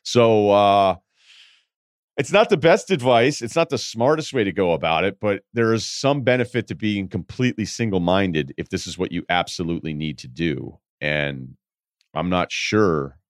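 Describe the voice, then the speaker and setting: Brief: young male podcast host, low voice, dry close sound, blunt and rambling with casual swearing. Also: expressive, normal speed, no echo. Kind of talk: casual advice talk.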